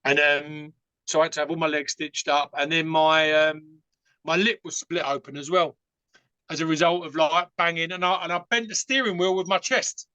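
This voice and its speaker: Man, Essex accent, bright high voice, dry close mic, rambling frank stories. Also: fairly even intonation, normal speed, clean tone, dry recording, poor audio. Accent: Essex English. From England. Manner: rambling, frank, with many fillers and acted-out quotes. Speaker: podcast guest. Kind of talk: casual storytelling.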